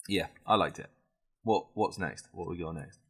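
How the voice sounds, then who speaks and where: A man's voice: deep voice, creaky, a bit bright, husky. A British man co-hosting a casual chat, talking easily, laughing often and swearing playfully. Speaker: podcast co-host.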